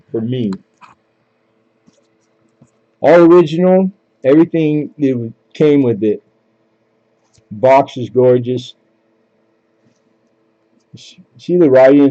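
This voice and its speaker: A man runs a live coin auction, calling for bids and joking around with viewers between lots. His voice is very dark and mellow, and the sound is a bit dull and lo-fi, like a home stream mic. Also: medium pitch.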